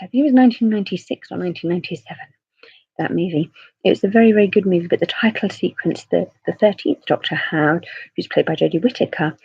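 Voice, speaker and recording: A woman's voice: medium pitch, gravelly, dark tone, husky, no echo, highs cut off. A woman giving a casual TV review, rambling off on tangents and often correcting herself.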